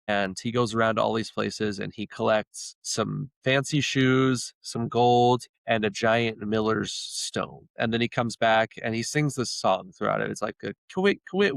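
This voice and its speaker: A man's voice: fairly low pitch, gravelly, a bit bright, dry recording. A man, a podcast guest, retelling stories in a rambling, casual way with many restarts. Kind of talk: casual storytelling chat.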